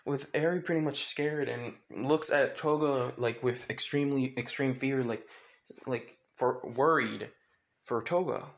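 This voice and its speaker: A man's voice: mid-range voice, a little slow, gravelly. A man casually narrating a fan story, rambling with lots of fillers. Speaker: channel host and narrator.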